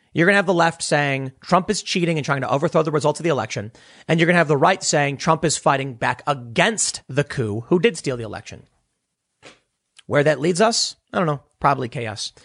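A man hosting a political commentary show, talking quickly with a sarcastic, mocking manner. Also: a little high, a bit bright, no room sound, clean studio sound.

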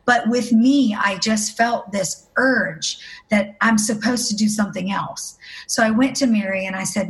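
A middle-aged woman tells a personal testimony as an interview guest. She speaks earnestly in a mid-pitched voice and acts out the voices of the people in her story. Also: normal speed.

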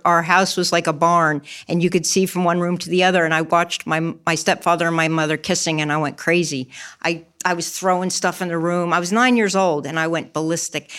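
A middle-aged woman with a somewhat low voice shares her personal testimony in an interview. She talks candidly and with emotion, often slipping into the words she said at the time. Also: a bit bright, clear, resonant tone. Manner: emotional, acts out her own past words. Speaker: guest telling her testimony. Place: church.

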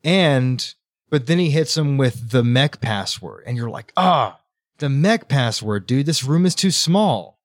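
A man co-hosting a casual book podcast, recapping the plot in an animated way and acting out the characters' lines. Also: medium pitch, measured pace, no room sound, clean studio sound. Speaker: podcast co-host.

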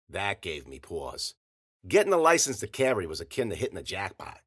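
Man, hard-boiled first-person storyteller, wry deadpan, lively shifting pitch. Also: fairly quick, slightly rough. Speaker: narrator.

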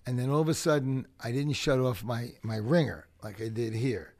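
New guy, gravelly voice, tells cursing animated stories on a podcast. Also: mid-range voice, normal speed. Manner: profane, animated storyteller. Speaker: podcast guest. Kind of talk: storytelling chat.

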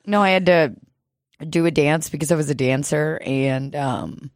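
A woman's voice: low-pitched, lively intonation, takes it slowly, fairly bright tone, no echo. A woman in casual comedic chat, loose and swearing, laughing often through stories.

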